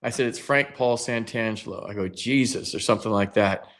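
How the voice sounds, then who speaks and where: Animated storytelling man, casual chat. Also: lowish voice, brisk. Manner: animated storyteller, acts out quotes. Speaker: former baseball player and co-host.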